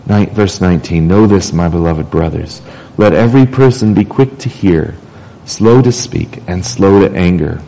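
A man's voice: low-pitched, normal speed, creaky, warm tone, low-quality recording. A man preaching a sermon in a casual, conversational way. He often restarts and repeats words as he talks. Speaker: pastor.

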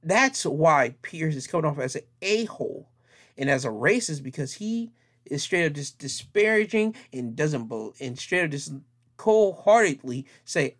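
A man's voice: on the high side, lively intonation, moderate pace, fairly bright tone. A man giving opinion commentary in a vlog, talking in an emphatic, plainspoken and repetitive way.

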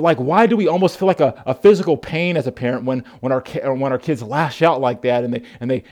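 A man preaching a sermon as a pastor, impassioned, with frequent restarts, addressing his congregation as folks. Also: medium pitch. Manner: impassioned, repetitive restarts, acts out quotes loudly.

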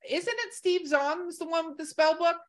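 A woman's voice: extremely high pitch, steady tone, moderate pace. A woman co-hosting a podcast in casual chat, talking in a chatty way full of "like". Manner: chatty, lots of "like". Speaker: podcast co-host.

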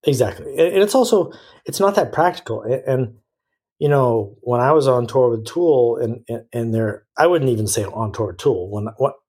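A man's voice: medium pitch, lively intonation, moderate pace, darkish tone, husky. A man as a podcast guest, talking frankly in a rambling way, often restarting and correcting himself. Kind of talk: casual interview chat.

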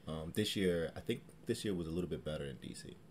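Deep-voiced male podcast co-host. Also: fast, slight background noise. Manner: relaxed, hesitant, lots of ums. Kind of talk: casual chat.

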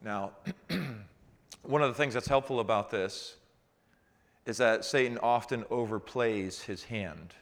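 A middle-aged male pastor delivers a sermon in a relaxed, conversational way. His speaking voice sits at an ordinary middle pitch. He drops low and quiet for reflective points and lifts into animated storytelling. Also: takes it slowly, long pauses. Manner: conversational preaching, builds to animated frustration in anecdotes.

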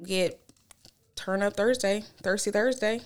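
Young woman podcast co-host, loose and chatty, curses easily, laughs a lot, medium-pitched voice. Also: unhurried. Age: young adult. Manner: animated storyteller, swears freely, laughs often. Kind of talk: casual chat.

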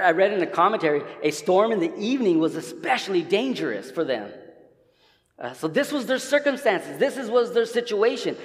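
A man's voice: on the high side, in a large hall. A man preaching a sermon in a church, casual and conversational, often restarting his sentences. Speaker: pastor. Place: church sanctuary.

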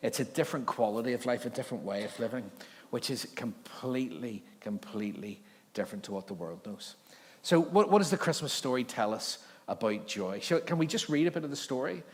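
A man's voice: medium pitch, animated, fairly quick. Pastor guy preaching, jokes around between bible bits, big echoey church hall. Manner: jokey, conversational asides. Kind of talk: sermon with Bible reading. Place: church service. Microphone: handheld or stage mic with feedback. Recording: long hall reverb.

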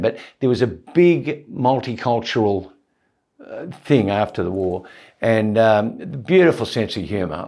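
A man's voice: on the low side, darkish tone. A man in his seventies with an Australian accent, a comedian guest chatting casually in an interview, rambling and jokey, laughing often. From England, raised in Australia. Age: 70s.

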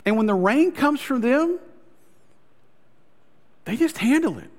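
A man's voice: very high-pitched, big pitch swings, unhurried. Man preaching a sermon in a hall. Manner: storytelling preacher, addresses crowd as guys, drops to soft intimate tones. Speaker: pastor.

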